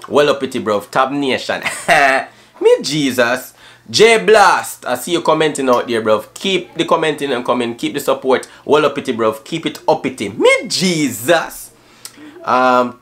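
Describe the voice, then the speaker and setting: A man's voice: mid-range voice, a bit bright. A young man vlogging an unboxing in hyped, slangy chatter full of catchphrases and swearing. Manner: swears freely. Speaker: YouTube vlogger. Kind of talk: casual vlog unboxing.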